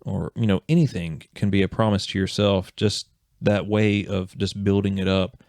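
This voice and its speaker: Man, low voice, dry close sound, rambling podcast host, encouraging. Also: steady tone, normal speed, darkish tone, no room sound. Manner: rambling, self-correcting, encouraging. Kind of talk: casual podcast chat.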